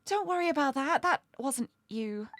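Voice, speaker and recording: A woman voicing a brave, earnest young woman in a video game, calm and reassuring. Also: sits high, moderate pace, soft background music, pitched above the performer's own voice.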